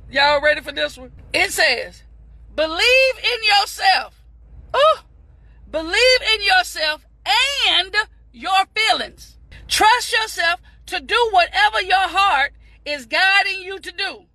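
A woman giving an impassioned motivational talk on a live stream, repeating phrases and breaking into shouts. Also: very high voice, lively intonation, a little slow, dry recording. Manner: fervent, preachy, repeats phrases, bursts into shouts; addresses viewers as "beautiful people".

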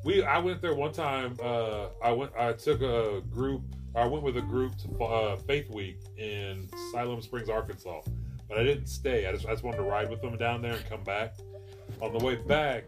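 A man's voice: mid-range voice, moderate pace. Young man, casual chat, laid-back, swears, music in the background.

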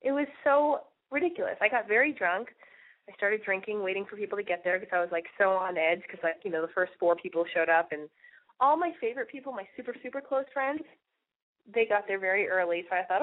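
A woman's voice: medium pitch, fast. Sniffly, crude young woman podcast host. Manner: crude, rambling, lots of "like" and swearing. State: congested, sniffly and nasal from a cold. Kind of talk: brash confessional monologue. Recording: tinny phone-like audio.

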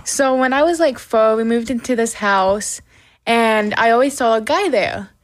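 A woman's voice: on the high side, normal speed. Matter-of-fact young woman storyteller. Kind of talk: casual chat, telling a childhood story.

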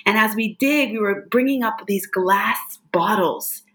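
A woman guest on a podcast, recounting a personal experience in an expressive, animated way, often adding "like" and "right?". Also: medium pitch, unhurried. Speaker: podcast guest, psychic medium. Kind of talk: personal storytelling in conversation.

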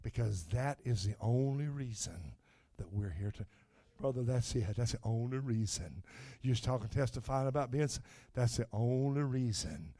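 An older man preaching a sermon, moving from soft, low talk to shouted, high-pitched preaching punctuated with "uh, amen". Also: expressive, moderate pace, few pauses, no echo.

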